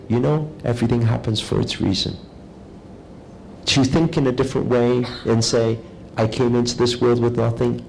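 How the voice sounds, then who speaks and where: Calm gravelly man, spiritual talk. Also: mid-range voice, slight background noise, rough recording. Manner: calm, measured, slow and deliberate. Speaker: spiritual teacher.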